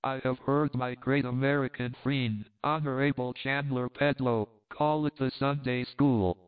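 A man's voice: medium pitch, fairly even intonation, measured pace, clear, resonant tone, natural voice. A man voicing a coquettish countess who teases in broken English. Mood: teasing. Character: flirtatious Italian countess, woman, coquettish. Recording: phone-like thin sound.

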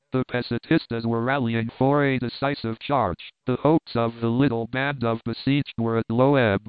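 A man narrating an adventure novel in a steady, even storytelling manner. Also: medium pitch, clear, resonant tone, no room sound. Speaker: audiobook narrator. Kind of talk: scripted narration. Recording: thin phone-like sound.

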